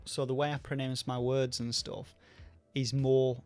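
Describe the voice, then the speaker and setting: A man with a softened Rochdale accent hosts a casual livestream, answering viewers in a loose, rambling way full of ums and restarts. His pitch sits in an ordinary middle range but barely moves, giving a flat, even delivery. Faint music plays quietly underneath. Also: a little slow. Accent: Rochdale, Greater Manchester, softened. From Northern England. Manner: rambling, many fillers and restarts. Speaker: channel host answering viewer questions.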